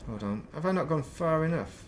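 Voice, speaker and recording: A man's voice: a little high, expressive, a little fast, slight background noise. A middle-aged man from England, chatting casually and rambling while streaming a space game, self-mocking and chatty. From northern England.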